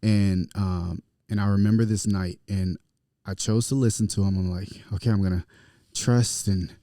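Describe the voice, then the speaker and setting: A male pastor from Florida in casual podcast chat, telling a story in a relaxed way with lots of fillers. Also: lowish voice, normal speed, dry recording, studio quality.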